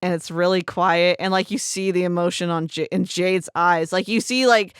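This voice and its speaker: A woman's voice: fairly low pitch, normal speed, smooth, no echo, clean studio sound. A young woman co-hosting a podcast, casually and animatedly retelling a video game scene. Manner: animated storyteller, acts out scenes with voices. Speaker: podcast co-host.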